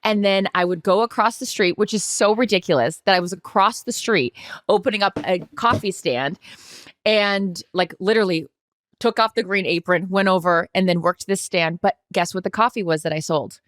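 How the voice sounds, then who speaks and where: A woman's voice: medium pitch, no room sound. A woman from Seattle co-hosting a podcast, chatty in casual conversation. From Seattle, USA. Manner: chatty, quick reactions. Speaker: podcast co-host. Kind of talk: casual chat.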